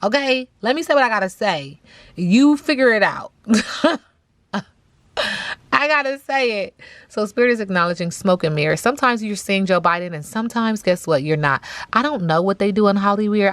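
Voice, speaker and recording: A woman giving a casual tarot reading in a chatty, drawn-out way, often checking in with "okay?". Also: mid-range voice, no room sound. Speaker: tarot reader.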